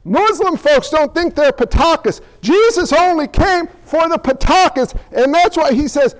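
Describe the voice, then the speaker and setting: A man preaching a sermon, animated and firing rhetorical questions at his listeners. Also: extremely high pitch, a little slow, few pauses, long reverb tail.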